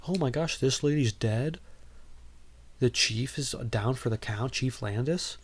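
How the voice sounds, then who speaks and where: A man's voice: medium pitch, a little slow, husky. Guy doing confused small-town cops, kinda incredulous, voice pushed up a bit. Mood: bewildered.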